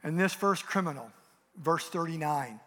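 High-voiced man preaching in a reverberant hall. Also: lively intonation, normal speed, pushed and bright. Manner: impassioned preaching, acts out mocking voices. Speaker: pastor. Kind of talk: sermon.

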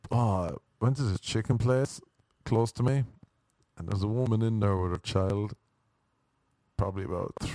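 Brief: low-pitched man with a dry, close sound, riffing wry and self-mocking in a loose comic monologue. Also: mellow, dry recording. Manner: self-deprecating, wry, switches into mock voices.

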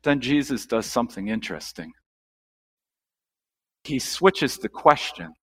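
A male pastor preaching a sermon, asking the congregation questions, animated, with sharp rises and drops in his voice. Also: medium pitch, a little slow, slightly rough.

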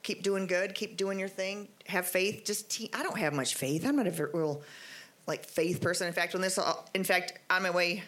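A woman's voice: lowish voice, normal speed. Woman rambling through a church testimony. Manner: rambling, animated storytelling with many fillers. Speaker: church member giving testimony. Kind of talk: spoken testimony.

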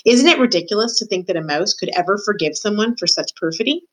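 A woman, a student reader, narrating a novel aloud in a steady, measured way. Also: mid-range voice, rough recording.

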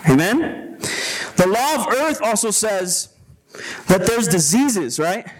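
High-voiced man preaching a slow sermon. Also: sing-song, low-quality recording. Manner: repeats words, calls to the crowd for agreement. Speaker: pastor. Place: retreat gathering before a live audience.

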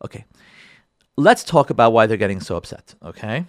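A man's voice: on the low side, brisk, long pauses, dry recording. A man, a rabbi, giving a recorded class on marriage, speaking into a studio microphone and acting out what spouses say to each other. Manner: animated, acts out spouses' lines.

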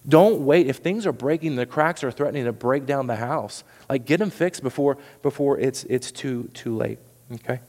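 A man's voice: mid-range voice, normal speed, a little mellow. A man preaching a sermon as pastor, earnest and urging, often repeating words as he presses a point. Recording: long hall reverb.

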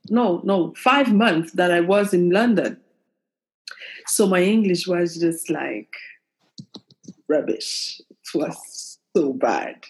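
Woman telling her story. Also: on the low side. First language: French. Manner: animated, expressive storyteller. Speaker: podcast guest. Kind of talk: casual storytelling interview.

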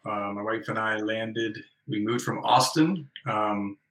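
Middle-aged American man, interview guest on a remote call, bright forceful voice, roomy sound, chatty and self-deprecating. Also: lowish voice, takes it slowly. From Northeast US. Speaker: guest author. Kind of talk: casual interview over a call. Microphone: remote call from abroad.

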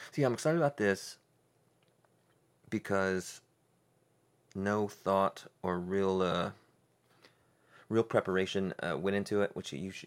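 A man hosting a podcast alone, rambling jokily with many pauses and restarts. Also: deep voice. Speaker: podcast host. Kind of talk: casual solo podcast chat.

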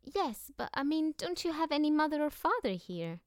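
A woman doing a timid, high little girl. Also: big pitch swings, normal speed, a little mellow, no room sound, studio quality. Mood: eager. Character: anxious, polite young girl.

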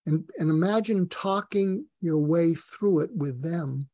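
Brief: middle-aged male guest, earnest and rambling, somewhat high voice with gravel, dry close sound. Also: unhurried, dark tone, no echo. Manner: earnest, rambling, many fillers and restarts. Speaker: podcast guest. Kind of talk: casual personal storytelling.

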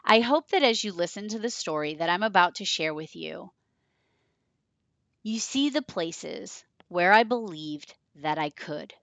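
Bright-voiced enthusiastic woman podcast host. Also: on the low side, lively intonation, a little slow, dry recording. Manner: enthusiastic, chatty storyteller. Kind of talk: podcast intro monologue.

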